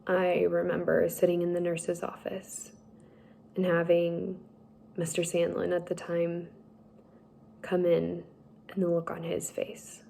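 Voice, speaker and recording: A young woman slowly telling a personal story, halting and emotional at times. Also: lowish voice, monotone, vocal fry, mellow, a little hiss or hum. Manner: slow, halting, tearful at times. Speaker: speaker sharing a personal story.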